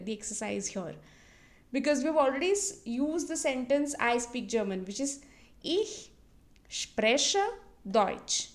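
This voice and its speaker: A woman teaching as a language tutor, explaining phrases patiently and repeating each one slowly for the listener to copy. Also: fairly high pitch. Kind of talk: instructional explanation with slow repetition drills.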